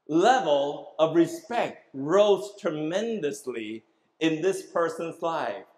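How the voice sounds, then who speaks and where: A man's voice: fairly high pitch, darkish tone, reverberant, low-quality recording. A man preaching a sermon as pastor, emphatic, asking the congregation questions and having them repeat words after him.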